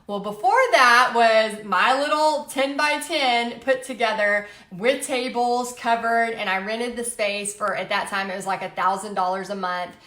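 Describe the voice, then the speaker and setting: A woman in her late thirties hosting a livestream, telling a personal story in a chatty, animated way with lots of fillers. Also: fairly high pitch, unhurried, hardly any pauses. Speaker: livestream host. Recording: echoey room.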